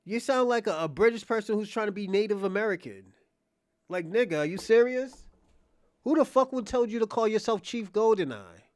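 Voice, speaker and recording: A livestream host rants provocatively at his chat, mocking it with profane, repetitive lines and restarted phrases. His high-pitched voice is expressive and fairly quick, recorded at studio quality without echo.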